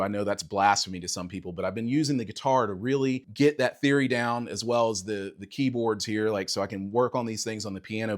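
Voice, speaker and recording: A middle-aged man, a bassist, telling a reflective personal story to camera in a casual conversational way, acting out quoted dialogue. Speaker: bassist and video creator.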